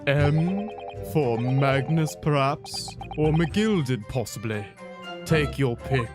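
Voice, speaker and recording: A man voicing a haughty male prosecutor with a measured, taunting delivery. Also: medium pitch, animated. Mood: smug. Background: game music.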